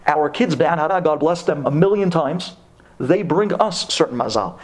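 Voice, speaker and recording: A man giving a sermon in an animated storytelling manner, dropping to low asides and rising to high exclamations. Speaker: rabbi giving a Torah talk.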